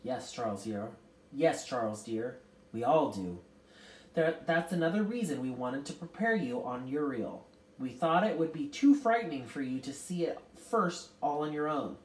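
A woman voicing a kindly, motherly old celestial being who comforts children, speaking gently. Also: a bass voice, expressive, normal speed. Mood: gentle. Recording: roomy, distant mic.

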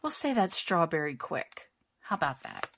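A woman chatting casually at home as she unboxes diamond painting kits. She talks in a self-deprecating way, laughs often and thinks out loud. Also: on the low side, sing-song, moderate pace, slight background noise. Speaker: crafting vlogger. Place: home crafting space.

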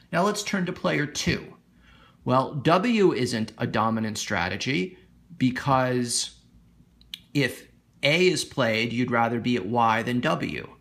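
A man's voice: medium pitch, gravelly, fairly bright tone. A man giving a recorded lecture on game theory, explaining step by step in an informal way and often asking "right?". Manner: informal, repeats words, asks "right?". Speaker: economics lecturer.

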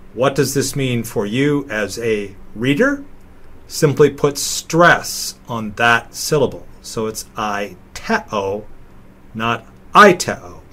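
A middle-aged man teaching a recorded slideshow lesson, slowly sounding out words syllable by syllable. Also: medium pitch, fairly bright tone. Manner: slow, deliberate, sounding out words.

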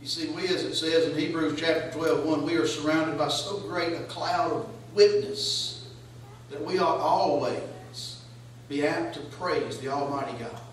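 Man preaching, high voice, booming echo, distant from the mic, faint hiss. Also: unhurried. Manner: preaching with rising, questioning cadence. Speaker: pastor. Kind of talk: sermon. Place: church sanctuary. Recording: echoey church hall, voice from far off.

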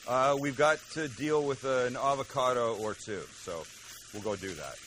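A man's voice: medium pitch, normal speed, fairly bright tone, slight background noise. A man hosting a cooking show, chatting casually and joking with self-mocking asides as he cooks. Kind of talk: casual cooking demo chat.

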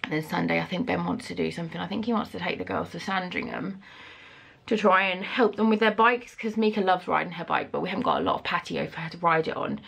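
A woman's voice: fairly low pitch, animated, fast, gravelly, fairly bright tone, breathy edge. A young woman and mum chatting frankly in a home vlog, casual, sometimes swearing and a little out of breath. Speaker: vlogger and mum. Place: family house indoors.

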